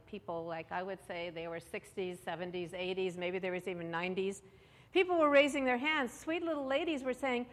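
A woman giving a candid, self-mocking personal testimony talk, full of fillers and asides. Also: medium pitch. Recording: long hall reverb.

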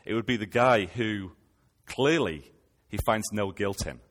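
A man's voice: lowish voice, measured pace, a bit bright, long reverb tail, slight background noise. A man preaching a sermon, retelling scripture and posing rhetorical questions to his listeners.

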